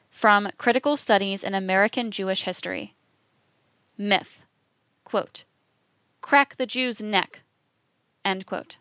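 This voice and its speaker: A woman reads a script aloud at an unhurried, deliberate pace. Her voice is smooth and clear, and she keeps her delivery measured and even. The sound is close and dry, with no room around it. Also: mid-range voice, dry recording. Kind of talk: scripted reading of quotations.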